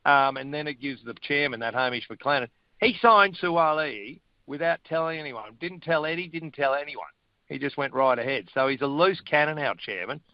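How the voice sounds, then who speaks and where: A man's voice: on the high side, expressive, moderate pace, no room sound, lo-fi sound. A middle-aged Australian man giving blunt, wry opinions as a weekly guest on a radio chat show.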